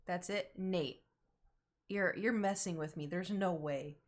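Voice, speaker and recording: A woman's voice: on the low side, takes it slowly. Young woman streamer, faint Southern accent, casual and talkative. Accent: slight Southern American. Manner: chatty, self-conscious about her pronunciation. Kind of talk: casual gaming stream chat.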